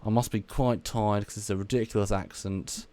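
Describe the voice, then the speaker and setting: Brief: a man doing a loud radio host with a mock Australian accent, overdone, a touch lower than usual. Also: fairly even intonation, normal speed, no echo, close to an everyday voice. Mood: self-mocking. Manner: loud, overdone announcer delivery. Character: hammy male radio presenter with a silly accent.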